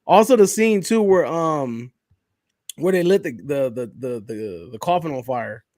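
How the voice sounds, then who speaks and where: A man's voice: a little high, expressive, a little slow, darkish tone, no echo, clean studio sound. A man hosting a pop-culture podcast, talking in a laid-back, slangy way and swearing casually. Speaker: podcast host.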